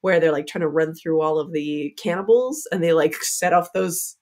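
A woman with a somewhat low voice co-hosts a relaxed book discussion. She talks in a loose, chatty way, often laughing and using filler words. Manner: chatty, full of "like" and quick laughs. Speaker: podcast co-host.

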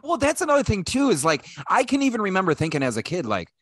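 A man guesting on a podcast, chatting casually and excitedly about a film, full of "like". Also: high voice, breathy edge. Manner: fast, excitable, peppered with "like". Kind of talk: casual film review chat.

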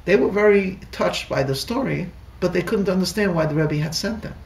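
A man, a rabbi, telling a story in a sermon, halting and repeating words, heard in an echoey room from a distant mic. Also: high voice, gravelly. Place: lecture room in a Torah center.

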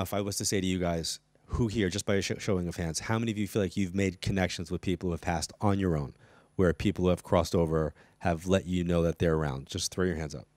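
A middle-aged man tells stories quickly, playing out both sides of each conversation. His voice sits low, and the studio sound is dry and close. He is a guest in front of a live audience. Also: no room sound. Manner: animated anecdote telling, acts out dialogue. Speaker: psychic medium guest. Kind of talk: storytelling interview chat.

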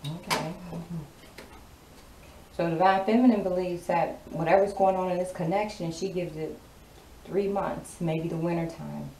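With a lowish, dark-toned voice that stays steady and unhurried, a woman gives a casual tarot reading, emphatic and sassy, frequently repeating lines for effect. A distant mic picks her up in a roomy space with clear background noise.

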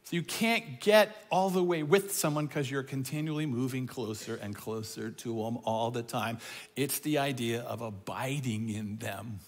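A man preaching a sermon, emphatic and animated, swinging from booming declarations to hushed, slow lines. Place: church auditorium. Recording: long reverb of a large hall.

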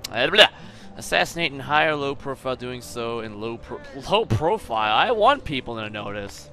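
A man's voice: mid-range voice, lively intonation, normal speed, bright, forceful tone. A man hosting a gaming channel, commenting casually on his gameplay with crude jokes and swearing. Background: faint game music.

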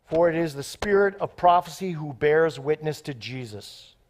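A man preaching a sermon in an excitable, off-the-cuff way, joking with the congregation between scripture readings. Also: on the high side, moderate pace. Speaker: guest preacher.

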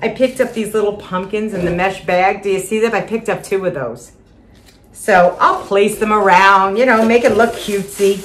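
A woman's voice: mid-range voice, fairly even intonation, moderate pace, slight background noise. An older woman chatting casually at home as she shows off her shopping haul, gushing and repeating herself with little laughs. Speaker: vlogger showing a shopping haul.

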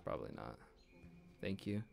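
A young man hosting a let's play, commenting in an excitable, jokey way with sudden yelps and shouts. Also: very deep voice, normal speed, gravelly, soft background music. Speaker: gaming video host.

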